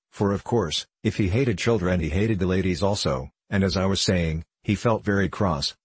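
A man with a very low, husky voice reads a storybook aloud. His delivery is measured and expressive, and the room is dry and close. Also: no echo. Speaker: narrator. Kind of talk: storybook reading.

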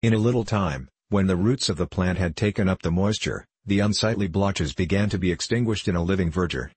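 A man narrating classic fiction in a measured, formal audiobook reading. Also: low-pitched, husky, no room sound.

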